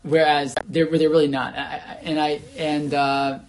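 A man's voice: on the high side, little pitch movement, a little slow, darkish tone, a little hiss or hum. Male teacher, casual group Torah class, conversational, asks questions, restarts often. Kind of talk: informal Torah class discussion.

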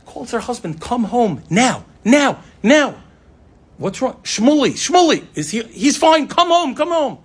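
A man's voice: sits high, big pitch swings, a little slow, long pauses, slightly rough, pitched above the performer's own voice, heavily acted. A man voicing a frantic, overjoyed mother calling urgently to her husband. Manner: breathless urgent repeating.

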